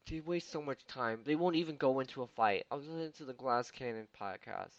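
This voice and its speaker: Man, podcast host, profane rant, exasperated, loud outbursts and mutters, dry dull lo-fi sound. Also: mid-range voice, brisk, dry recording.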